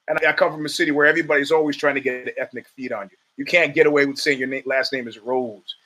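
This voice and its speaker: Male podcast host, rambling and restless, bright, pushy tone. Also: sits high. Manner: rambling and animated, with many restarts and stammers. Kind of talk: casual monologue.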